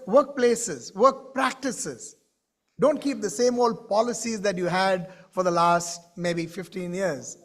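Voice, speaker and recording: A man giving a conference keynote, talking to the audience directly and acting out the voices in a story he tells. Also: high-pitched. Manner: animated, acts out dialogue in his stories. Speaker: keynote speaker. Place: conference stage.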